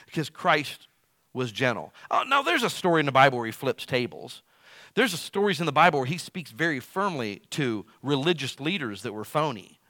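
Loud, animated male preacher. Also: mid-range voice, normal speed, dry recording. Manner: animated, swings between loud emphasis and quiet asides; self-described as loud. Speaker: pastor. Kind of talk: sermon.

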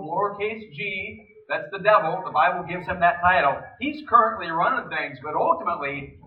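A man preaching a sermon in an animated way, reading scripture aloud between his own remarks. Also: on the high side. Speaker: pastor. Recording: distant, echoey, phone-like sound.

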